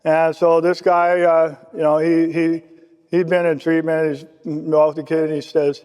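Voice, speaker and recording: A man's voice: a little high, level tone, measured pace, a little mellow, clean tone, in a large hall. A man giving a casual personal testimony at a recovery meeting, acting out the voices of people he quotes.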